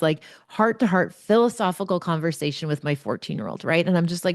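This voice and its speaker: A woman's voice: fairly low pitch, fast, hardly any pauses, a little mellow, dry recording, clean studio sound. A woman in her forties, a podcast host, candidly telling a personal story in a chatty way with lots of fillers.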